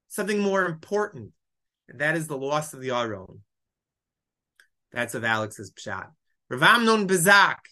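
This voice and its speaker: A man teaching a Bible lesson verse by verse, reading lines aloud and explaining each in English. His voice is bright and clear, and his delivery is emotional, sometimes choked up. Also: sits high. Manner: reads Hebrew verses then explains in English. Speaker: Torah teacher. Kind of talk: text study lesson, translating verse by verse.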